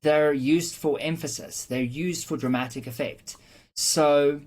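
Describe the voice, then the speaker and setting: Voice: mid-range voice, fairly even intonation, unhurried, a little mellow. A teacher giving an explanatory lesson on rhetorical devices, patiently working through examples and checking in with "okay?" along the way, with frequent "um" fillers. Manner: frequent "um" fillers and small restarts. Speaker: English teacher.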